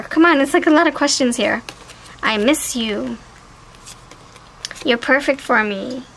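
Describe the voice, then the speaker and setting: A woman giving a casual, chatty tarot card reading, animated and talkative. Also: sits high, unhurried, gravelly, pauses often, a little hiss or hum, poor audio. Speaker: tarot reader.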